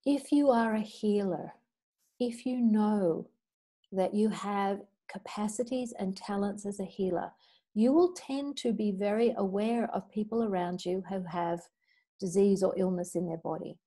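A middle-aged woman leading a healing class, telling stories in an earnest, chatty way and rattling off clearing statements. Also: medium pitch, mellow. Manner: earnest, chatty, storytelling, with quick recited formulas. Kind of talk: spoken teaching talk with clearing statements.

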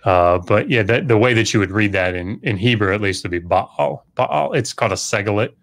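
A male scholar explains in a rather low voice, measured and a little hesitant, dotting his points with fillers. He sounds like an expert talking casually with a host. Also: a bit bright. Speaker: scholar guest.

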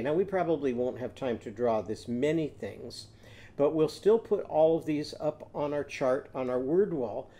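Mellow-voiced man teaching children phonics. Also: fairly high pitch. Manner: sings call-and-response animal sounds; patient, speaks to children.

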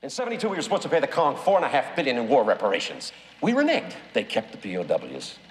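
A furious, principled army colonel. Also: male voice, mid-range voice, huge pitch swings, fast talker, slight background noise. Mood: bitter accusing. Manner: accusing, bitter, confrontational. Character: angry, principled male army colonel mentor. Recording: reverberant film audio.

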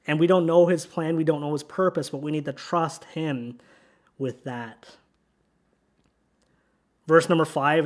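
A pastor preaching a sermon in a church sanctuary, reading scripture aloud in an earnest preaching manner. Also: male voice, on the high side, measured pace.

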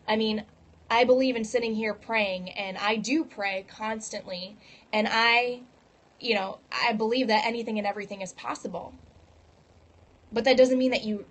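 A woman talks straight to her viewers in a casual motivational vlog, earnest and conversational. Her voice sits a little high. When she tells a story she acts out the voices. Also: steady tone, normal speed. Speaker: fitness coach and vlogger. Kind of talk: casual motivational talk to camera.

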